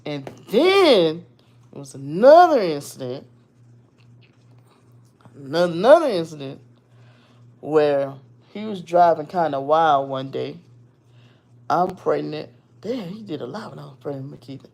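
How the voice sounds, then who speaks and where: A woman from Virginia hosting her show, casually telling a personal story in a blunt, animated, profane way. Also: low-pitched, measured pace, vocal fry, long pauses.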